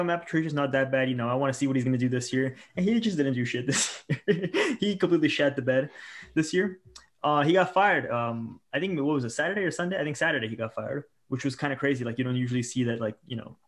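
A man co-hosting a sports podcast in casual chat, teasing and swearing freely. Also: medium pitch. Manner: fast, profane, teasing. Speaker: podcast co-host. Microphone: remote call mic.

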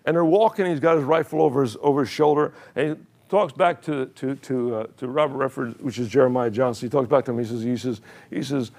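A man's voice: medium pitch, brisk, vocal fry, a little mellow. An older man preaching a sermon in a church, telling a story with chuckles and many repeated words. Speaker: pastor.

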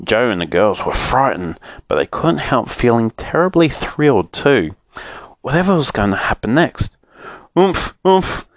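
Low-voiced man reading a storybook. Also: no room sound. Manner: lively expressive reading. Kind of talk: storybook read-aloud.

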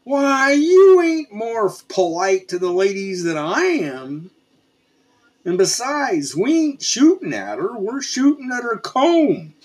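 A man voicing a stern, proud old frontier general who talks gruffly and insistently in a storybook. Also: very high voice, big pitch swings, takes it slowly, voice pushed up, full character voice. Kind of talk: storybook reading.

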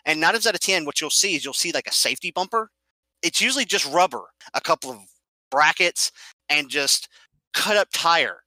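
A man's brisk, high-leaning voice carries a lively casual conversation about movies as he acts out scenes and explains their details. The recording is dry, and the audio is poor.

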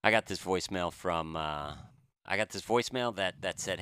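A man co-hosting a podcast, telling a story in a casual, animated and self-deprecating way. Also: sits low, moderate pace, smooth, no echo, studio quality. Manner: animated, self-deprecating, quotes others in raised voice. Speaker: podcast co-host.

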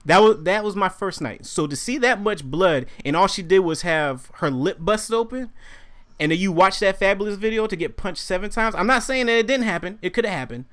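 Young guy telling a wild story on a podcast, kinda high voice, does all the voices. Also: brisk. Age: young adult. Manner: animated storyteller acting out quotes. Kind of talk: casual storytelling chat.

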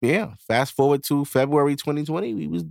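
A man's voice: on the high side, lively intonation, a little fast, gravelly, a little mellow, dry recording, clean studio sound. A young man hosting a podcast, giving blunt, profanity-laced advice in a casual monologue. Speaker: podcast host.

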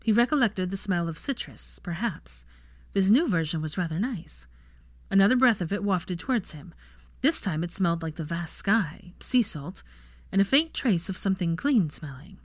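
Lady reading fanfic aloud, lowish voice, lively pitch, dry room. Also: brisk, dry recording. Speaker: audiobook reader. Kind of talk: fan fiction narration.

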